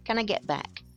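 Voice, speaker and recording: A woman giving sarcastic, exasperated commentary on a video she is watching, chatty and scornful. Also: a little mellow.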